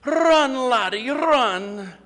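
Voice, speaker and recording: A man voicing an excitable Scottish male baseball spectator who yells from the stands. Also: very high voice, extremely slow, pitched above the performer's own voice, heavily acted. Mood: shouting. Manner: shouting. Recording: echoey hall, faint ambience.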